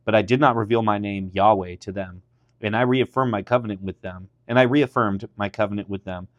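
A man's voice: lowish voice, fairly quick, dry recording. A man, a pastor, reading scripture aloud on a podcast and lifting his voice for the quoted speech.

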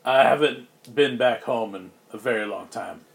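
A man voicing a gruff, blunt veteran demon hunter in a tabletop game. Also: mid-range voice, moderate pace, voice pushed down, natural voice. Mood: grumbling. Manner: exasperated, blunt. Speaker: game master voicing a character.

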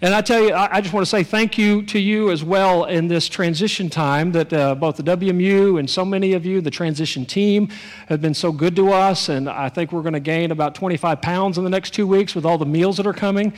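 A pastor delivers his sermon in a high, bright-sounding voice. His talk is folksy and light, full of storytelling asides. The sound trails off in a long church-hall reverb. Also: fairly quick. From Texas. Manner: folksy storytelling with a joking touch.

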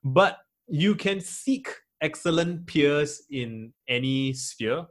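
A man's voice: a little high, expressive, slow pace, a bit bright. A young man speaks as an interview guest in easy, conversational talk. He rambles, often circling back with fillers and restarting his sentences.

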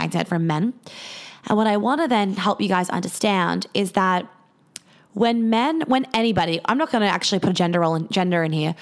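Blunt woman talking casually to viewers. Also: medium pitch. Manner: candid, swears often, storytelling.

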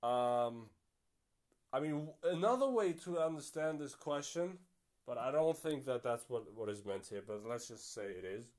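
A man's voice: medium pitch, animated, moderate pace, a little mellow. Casual, chatty man thinking aloud. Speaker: podcast host. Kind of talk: casual solo podcast commentary.

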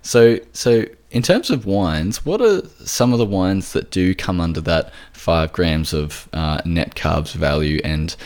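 A man's voice: low voice, expressive, darkish tone. A man hosting a podcast interview, talking casually with frequent restarts and fillers. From Australia. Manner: halting, many restarts and fillers, laughs often. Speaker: podcast host.

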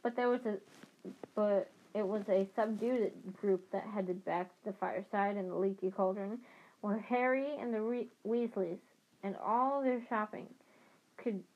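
Amateur female reader, mid-pitched, halting delivery with restarts; muffled, lo-fi recording. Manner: halting, rereads stumbles. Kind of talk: reading a novel chapter aloud.

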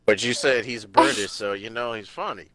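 Deep-voiced swearing young man. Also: normal speed, crowd noise. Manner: exasperated, swears a lot. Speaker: podcast co-host. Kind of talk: casual podcast banter.

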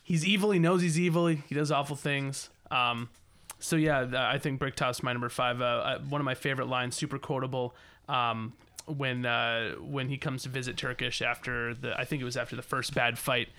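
Bright-voiced man chatting casually. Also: mid-range voice, fairly even intonation, moderate pace. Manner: laughing, loose and rambling. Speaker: podcast co-host. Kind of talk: casual chat.

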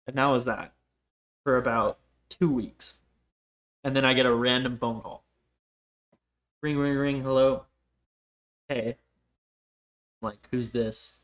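A young man tells a long personal story in a loose podcast chat. He rambles, swears easily and fills his sentences with "like". His voice sits at an ordinary middle pitch. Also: flat delivery, moderate pace, long pauses, a bit bright. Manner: rambling, profane, heavy on "like" fillers. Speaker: podcast guest. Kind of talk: casual storytelling.

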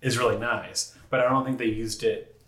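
A woman co-hosting a casual chat, offering a measured, thoughtful critique. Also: rumbling low, fairly even intonation, a bit bright, echoey room. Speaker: podcast co-host.

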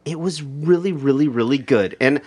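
A man's voice: mid-range voice, normal speed, a little mellow, slight background noise. A man hosting a podcast, chatting casually and enthusiastically, often restarting his sentences. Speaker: podcast host. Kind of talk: casual chat.

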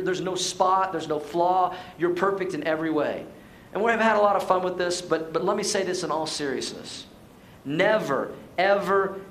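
A man's voice: sits high, reverberant, slight background noise, low-quality recording. A man preaching a sermon as pastor to his church, playful and joking, then pressing his points with emphasis. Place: church sanctuary.

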